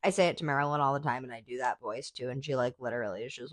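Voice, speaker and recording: Host: woman, low voice, dry close sound, swears freely, gushing fan chatter. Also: very fast, no echo. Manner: chatty, profane, enthusiastic fan talk with many "like"s. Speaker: podcast host. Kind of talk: casual chat.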